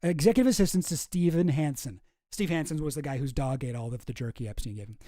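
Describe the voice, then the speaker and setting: A man's voice: mid-range voice, quick pace, dark tone, dry recording, clean studio sound. A man hosting a casual commentary show, reading emails aloud with chuckling asides. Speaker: host.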